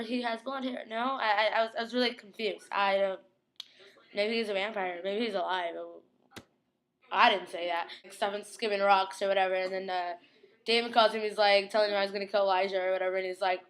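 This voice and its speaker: A woman's voice: mid-range voice, fairly even intonation. Giggly young woman gushing. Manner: gushing, giggly, quotes characters in quick imitations. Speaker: vlogger recapping a TV episode. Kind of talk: casual chatty recap.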